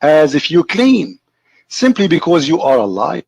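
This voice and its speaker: A man's voice: fairly high pitch, wildly swooping pitch, unhurried, gravelly, a little mellow, slightly rough. A man on a livestream, commenting on a debate clip with mocking, argumentative rebuttals.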